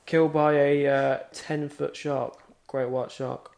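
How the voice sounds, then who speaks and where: A man's voice: on the high side, little pitch movement, slow, gravelly, a little mellow. A young man co-hosting a podcast, chatting casually and reading out news items with plenty of fillers. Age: young adult. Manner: hesitant, reads news items aloud with fillers. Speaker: podcast co-host. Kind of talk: casual chat.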